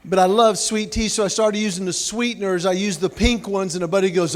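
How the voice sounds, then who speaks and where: A man's voice: high voice, fairly even intonation, brisk, few pauses. A man giving a humorous after-dinner speech at a banquet, telling folksy stories with comic asides. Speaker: banquet speaker.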